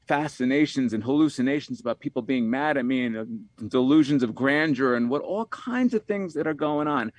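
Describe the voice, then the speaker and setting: A man's voice: medium pitch, vocal fry, no room sound. A man, an author from New York, talks as a podcast guest in a reflective, rambling way, often saying "you know" and repeating words.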